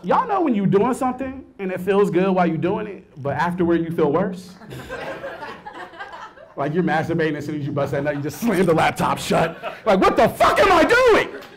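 Animated high-voiced man doing stand-up. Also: brisk, a crowd in the background. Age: 30s. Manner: animated, swings between mumbled asides and loud outbursts. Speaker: stand-up comedian. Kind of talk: stand-up comedy set.

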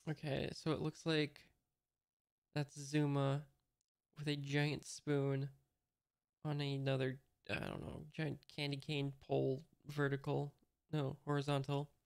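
A man's voice: on the high side, monotone, measured pace, gravelly, a little mellow, clean tone, dry recording, clean studio sound. A man casually reading a comic aloud, hesitantly describing each panel as he figures it out. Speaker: host reading a manga aloud. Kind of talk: casual read-along commentary.

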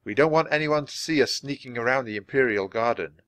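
A man's voice: medium pitch, fairly quick, a bit bright, no echo, lightly acted. Brief: cautious, sensible boy, read by a male narrator, earnest and a bit worried.

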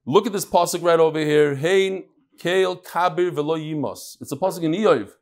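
A man hosting a daily Talmud class, animated, thinking aloud and putting questions to the room. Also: fairly high pitch, normal speed. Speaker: Talmud teacher and host. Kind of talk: daily Talmud class before a live audience.

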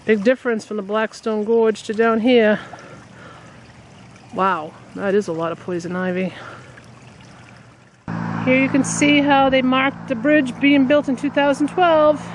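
A woman, narrating a casual nature vlog by a river and roadside, full of excited exclamations, recorded on a handheld camera. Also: on the high side, unhurried, long pauses. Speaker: nature vlogger. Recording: outdoor traffic noise behind.

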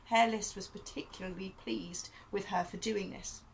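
A woman teacher reading a novel aloud to her pupils in a steady storytelling manner. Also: mid-range voice, moderate pace, vocal fry, slight background noise, rough recording.

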